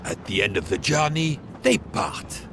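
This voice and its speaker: An actor voicing a middle-aged railway director in a video game, speaking in an expansive, theatrical way. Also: male voice, mid-range voice, very animated, measured pace, a bit bright, slight background noise. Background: game music.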